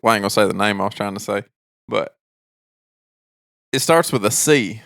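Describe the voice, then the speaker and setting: Deadpan man with a country accent. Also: on the low side, moderate pace, gravelly, no echo, clean studio sound. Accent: rural country accent. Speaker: podcast co-host. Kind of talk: casual chat, storytelling.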